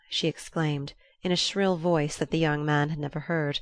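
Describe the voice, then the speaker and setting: A woman narrating a classic novel in a measured, even reading. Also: sits low, no echo, clean studio sound. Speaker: audiobook narrator. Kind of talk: scripted narration.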